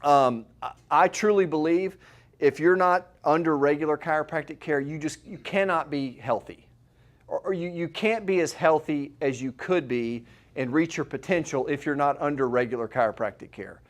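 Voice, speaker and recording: A man's voice: on the high side, moderate pace. Chatty middle-aged man giving a seminar. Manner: conversational, peppered with rhetorical questions and "right?". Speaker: chiropractor giving a health seminar. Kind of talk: live seminar talk to an audience. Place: room with a live audience.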